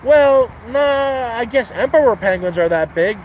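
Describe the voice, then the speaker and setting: Man doing a patient bartender, plain-spoken, high-pitched, faint background noise. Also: expressive, measured pace, poor audio. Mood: patient, puzzled.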